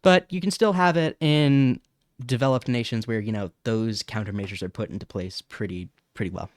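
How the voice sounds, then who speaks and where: A man's voice: mid-range voice, moderate pace, no room sound, clean studio sound. Chatty man hosting a science stream. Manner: chatty, reads chat aloud, laughs, stumbles over terms. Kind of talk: casual educational livestream.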